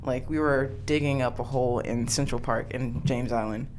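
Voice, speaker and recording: A woman's voice: a bass voice, steady tone, normal speed, darkish tone, slight background noise. A young woman in casual chat with coworkers, blunt and profane and often laughing. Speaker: work crew member.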